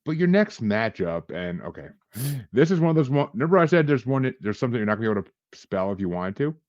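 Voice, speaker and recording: A man's voice: medium pitch, big pitch swings, fast, a little mellow, dry recording, lo-fi sound. A man hosting a casual podcast, laughing often and restarting his sentences. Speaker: podcast host.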